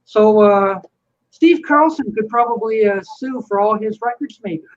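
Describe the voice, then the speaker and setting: A man's voice: sits high, measured pace. A man hosting a casual video chat, rambling with lots of filler words. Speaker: host. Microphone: video call. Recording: dull lo-fi video call audio.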